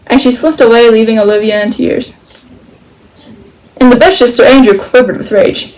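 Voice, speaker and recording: A woman's voice: a little high, moderate pace, darkish tone, poor audio. A woman hosting a storytime channel, reading a picture book aloud with playful, slangy asides.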